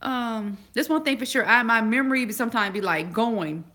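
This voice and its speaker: A woman in her forties chatting casually to a live audience, talking fast and often pausing to find her words. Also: on the high side, pushed and bright. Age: 40s. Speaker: vlogger.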